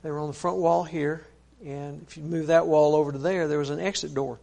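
A man's voice: a little high, fairly even intonation, fairly quick, vocal fry, warm tone. A man preaching a sermon, retelling another man's story in a folksy, earnest way, with frequent "he said" asides.

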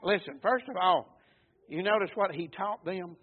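A man with a drawl preaches a folksy sermon, his high, husky voice rising to near shouts and sinking back down. The recording is thin and phone-like. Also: moderate pace. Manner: folksy, repeats words, swells to shouts and drops low.

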